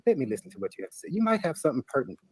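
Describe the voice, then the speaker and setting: A man's voice: medium pitch, big pitch swings, racing, darkish tone, husky, no echo. A man hosting a panel in a played clip, stern and lecturing in a heated argument. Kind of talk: heated live-stream argument.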